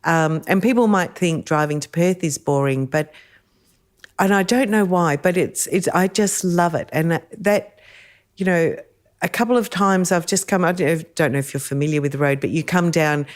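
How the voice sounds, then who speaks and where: Low-voiced Australian woman telling road stories. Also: moderate pace. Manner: lively, laughs often while telling stories. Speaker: podcast guest. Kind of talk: storytelling in casual chat.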